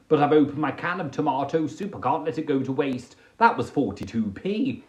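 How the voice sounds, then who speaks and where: A man's voice: fairly high pitch, normal speed, few pauses. A man from England hosting a casual livestream from home, playful and chatty. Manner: playful, animated, breaks into silly improvised singing. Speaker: livestream host.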